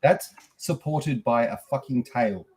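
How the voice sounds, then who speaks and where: Guest, man, pushy and profane, husky voice. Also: medium pitch, unhurried, a little mellow, rough recording. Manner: insistent, profane. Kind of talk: casual chat.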